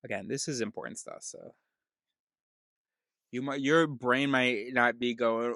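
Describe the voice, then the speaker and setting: A man's voice: medium pitch, a little slow, creaky, long pauses, sharp tone, no echo. Rambling, self-interrupting man, dry close sound. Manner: meandering, self-interrupting, laughs at himself. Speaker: video host. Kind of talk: rambling solo video talk.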